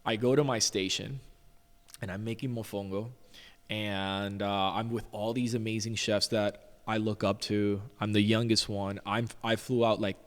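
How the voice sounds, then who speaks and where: A man from Rico, a chef and podcast guest telling a story in a loose, animated way with lots of fillers. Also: lowish voice, big-room sound. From Puerto Rico. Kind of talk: casual storytelling interview.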